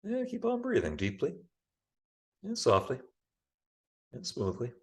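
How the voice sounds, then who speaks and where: A man teaching a yoga class over a video call, giving calm, unhurried cues for breathing and poses. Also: mid-range voice. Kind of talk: guiding a live online yoga class.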